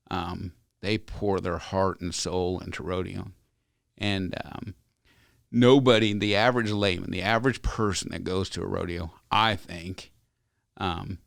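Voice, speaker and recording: Deep and creaky, the voice belongs to a ranch company owner appearing as a podcast guest. He spins stories casually, earnest and folksy, wandering as he goes. The sound is studio quality, free of echo.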